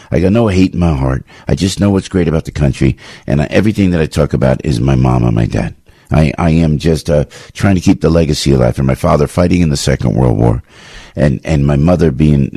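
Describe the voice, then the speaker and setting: A man's voice: very deep voice, dark tone, breathy edge, no echo, clean studio sound. An older man hosting a radio show, delivering a fired-up, pleading political monologue full of repeats and restarts.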